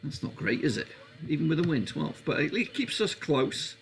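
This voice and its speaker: Guy doing a live footy watchalong, gravelly fry in the voice, gets all excited and jumps up high on chances, bit of faint hiss behind. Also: normal speed. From England. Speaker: live stream host. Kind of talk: live football watchalong commentary.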